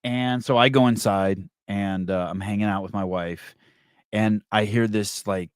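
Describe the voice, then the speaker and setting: Profane, low-voiced man telling a story. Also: steady tone, a little slow, clear, resonant tone, no echo, clean studio sound. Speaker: podcast host. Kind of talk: casual storytelling and reading comments.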